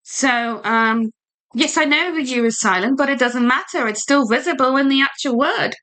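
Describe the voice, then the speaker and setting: A woman's voice: sits high, normal speed, pushed and bright. A British woman hosting a casual livestream, chatty and rambling with a giggle and lots of fillers. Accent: British English. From United Kingdom. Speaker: livestream host.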